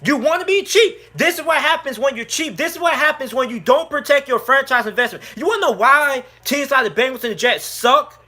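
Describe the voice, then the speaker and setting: Heated man, sports vlogger, high sharp voice, furious repetitive rant. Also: brisk, hardly any pauses. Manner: angry, heated, repetitive ranting. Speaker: sports YouTuber. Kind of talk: ranting sports commentary.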